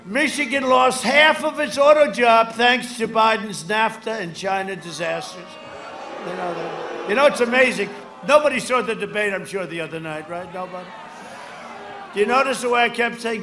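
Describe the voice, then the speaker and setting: An older man in his seventies giving a rambling rally speech outdoors, repeating himself and swinging between shouted lines and low asides. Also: moderate pace, noisy background. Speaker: politician speaking at a rally. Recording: echoey outdoor rally with crowd ambience.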